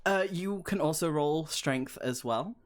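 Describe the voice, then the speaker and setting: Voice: mid-range voice, lively intonation, a little slow, crowd noise. A game master narrating a tabletop horror game in a loose, rambling way, full of "um" and "like".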